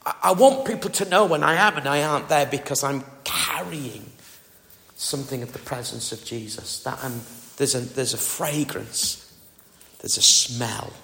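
A man's voice: mid-range voice, normal speed, vocal fry, bright, forceful tone. A middle-aged man with a northern English accent preaching a sermon in a chatty, self-deprecating way, often asking the congregation questions. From northern England. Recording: echoey hall with long reverb.

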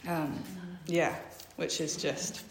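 A woman's voice: low voice, level tone, slow pace, slight background noise. A woman in her twenties gives a personal faith testimony. She speaks hesitantly with many filler sounds and reads Bible verses aloud. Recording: echoey room.

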